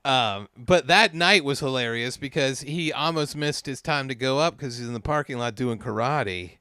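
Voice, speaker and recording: A man's voice: medium pitch, moderate pace, sharp tone, clean tone, no room sound. Swearing man telling stories, dry sound. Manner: profane, storytelling banter. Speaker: podcast co-host. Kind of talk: casual chat.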